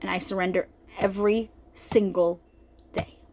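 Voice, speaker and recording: A woman talking casually about the Bible to her viewers, animated and chatty, often repeating herself and calling the audience y'all. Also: medium pitch, a little slow, a little hiss or hum. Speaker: faith vlogger. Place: lives in an RV.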